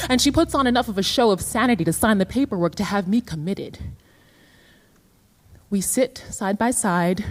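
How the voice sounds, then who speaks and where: A woman earnestly telling her own life story in the first person, her voice emotional and her pace shifting. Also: mid-range voice.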